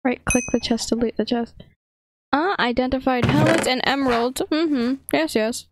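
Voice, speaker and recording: Over a noisy background, a woman with a high-sitting voice comments on her gameplay at a moderate pace. She makes gaming videos and keeps things casual, giggling, laughing in frequent bursts, and exclaiming in playful panic.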